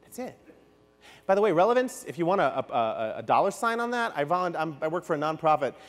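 A fairly high-voiced man gives a keynote in a big reverberant hall. His pitch swings widely as he tells stories and tosses in quick asides. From New York. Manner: animated, storytelling with quick asides and acted-out quotes. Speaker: keynote speaker. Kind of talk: conference keynote talk. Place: large hall.

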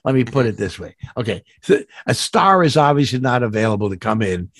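An older man, a voice actor, chatting in an interview and telling rambling stories with many restarts and sudden jumps up in pitch. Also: sing-song, fairly quick, no echo, studio quality. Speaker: guest voice actor. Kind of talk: casual interview chat.

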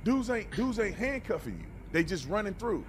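A man's voice: high-pitched, sing-song, moderate pace, a little hiss or hum. A man hosting a reaction video, talking bluntly and animatedly in a preachy, casual way and often repeating words.

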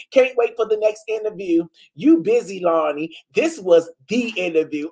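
Flamboyant husky man hosting a live stream. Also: high-pitched, moderate pace. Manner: flamboyant, exclamatory, animated. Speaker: host of a live online talk show. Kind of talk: casual live-stream chat reading comments.

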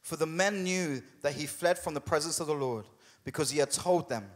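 Joking pastor in a reverberant church. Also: male voice, a little high, moderate pace. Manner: conversational and humorous, with quoted asides. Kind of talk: sermon. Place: church hall.

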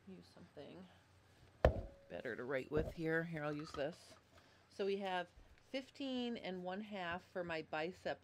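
With a faint hiss or hum behind her, a fairly low-pitched woman hosts a live sewing lesson into a desk microphone. She chats as she explains things step by step and apologizes for the audio trouble, in her role as the sewing instructor.

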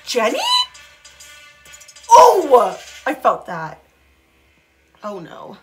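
A woman's voice: mid-range voice, lively intonation, normal speed. A young woman reacting to a music video on her channel, gushing, gasping and swearing constantly. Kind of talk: excited reaction vlog. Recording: music playing faintly behind.

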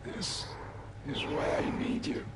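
A man's voice: slow pace, lightly acted. A man voicing a solemn, dying old man craving rebirth. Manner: solemn, grandiose. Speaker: game character. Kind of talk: scripted game dialogue. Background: loud music.

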